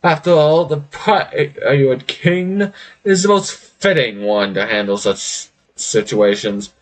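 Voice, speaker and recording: A man voicing a boisterous, cocky male pirate king who drawls slowly and mockingly. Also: mid-range voice, expressive. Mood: smug.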